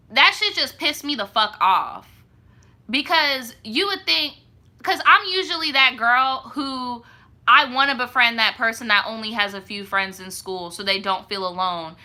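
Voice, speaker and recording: A young woman hosts a live storytime stream and sounds off on viewer stories. Her voice is very bright and cutting, and she swears freely in heated slang as she reacts. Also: high-pitched. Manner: blunt, profane, heated slang-heavy reactions. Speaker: host reading viewer stories.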